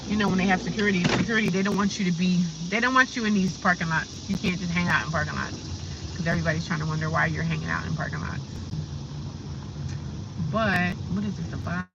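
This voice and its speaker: A woman's voice: fairly low pitch, quick pace, vocal fry, far from the mic, dull audio, background noise. A woman chatting casually on a livestream from her car, rambling and talking straight to her viewers. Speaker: livestreaming vlogger. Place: inside a parked or slowly driving car.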